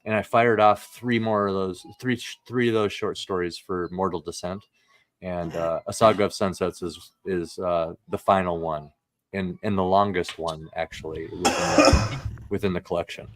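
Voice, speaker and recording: A man's voice: deep voice, steady tone, normal speed. A man, an author and podcast co-host, talking in casual chat with many restarts and fillers. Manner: rambling with frequent restarts and fillers.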